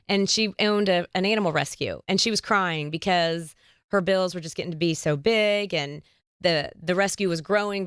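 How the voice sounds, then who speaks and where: Woman host, animated storyteller, smooth clear voice, dry close sound. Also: fairly low pitch, dry recording. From United States. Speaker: podcast host. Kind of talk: casual interview chat.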